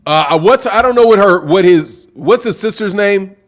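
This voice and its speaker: At a moderate pace, this boxing channel host shouts with excitement on his home stream, his high voice carrying as he sips drinks and reads super chats aloud. His speech is casual, and "bro" comes up in nearly every line.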